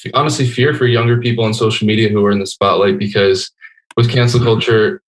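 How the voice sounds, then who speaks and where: A young man in his twenties speaks in a fairly low voice over a video call. He is earnest and reflective, often tripping over the first words of a sentence before he settles in. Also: steady tone, fast talker, poor audio. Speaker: guest. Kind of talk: casual video-call conversation.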